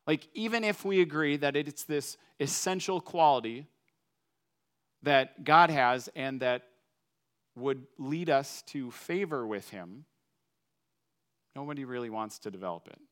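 A man's voice: mid-range voice, fairly bright tone. A man from Minnesota giving a conversational sermon to a congregation, using everyday examples. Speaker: preacher.

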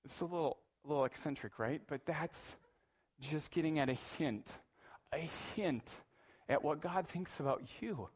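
A middle-aged man giving a sermon with a slightly raised voice. His delivery is animated and playful, and he slips into acted-out voices for his asides. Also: fairly high pitch, normal speed, slightly rough. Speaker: pastor.

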